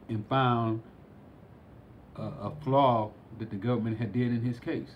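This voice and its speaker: A man's voice: medium pitch, steady tone, unhurried, muffled recording, a little hiss or hum. A man who is a podcast guest, talking unhurriedly with many fillers and restarts. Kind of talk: casual conversation.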